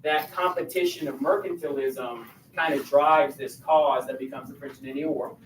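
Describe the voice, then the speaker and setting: A man's voice: medium pitch, fairly even intonation, normal speed, a little hiss or hum. A male teacher giving a casual classroom lecture and quizzing his students with questions. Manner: conversational, asks the class questions. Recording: echoey classroom, voice from a distance.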